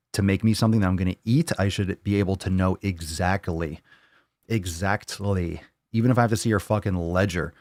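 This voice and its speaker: Streaming live from home via video call, a fitness host answers questions in a casual rant that's blunt, profane, and heated. His low-pitched voice is captured with clean studio sound and no echo.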